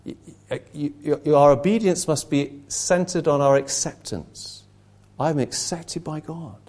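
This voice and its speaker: A man's voice: fairly high pitch, unhurried, a little mellow. A man preaching a conversational sermon to a small group, earnest, repeating words as he restarts his sentences.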